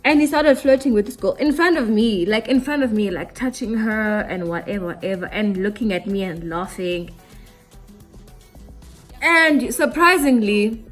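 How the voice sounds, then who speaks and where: A woman's voice: medium pitch, moderate pace, faint music behind. A young woman telling a candid storytime to her viewers while doing her makeup, casual and slangy. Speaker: beauty vlogger.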